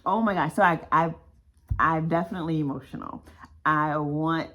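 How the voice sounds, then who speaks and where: A woman's voice: low-pitched, fairly even intonation, moderate pace, fairly bright tone. A woman author unboxing her own book in a casual vlog, chatty and emotional with frequent exclamations.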